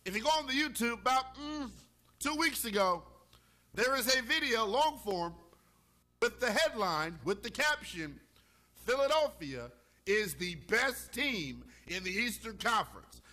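Sports radio host, male, high bright voice, big swings in pitch, emphatic rant to listeners. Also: a little slow. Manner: animated, emphatic, fired-up arguing; talks straight to listeners. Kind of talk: sports talk radio monologue.

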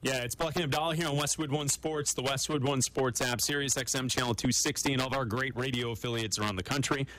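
A man co-hosting a national sports radio talk show, brisk and conversational, moving quickly through show promos and game breakdown. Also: mid-range voice, fairly even intonation, fairly bright tone, slight background noise, rough recording.

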